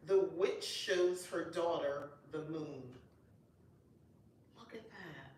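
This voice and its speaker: A woman's voice: lowish voice, measured pace, distant mic. Gushing woman in an echoey room. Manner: gushing, excitable, lots of delighted exclamations. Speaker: host. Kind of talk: casual unboxing chat. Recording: echoey room, voice off-mic, faint noise.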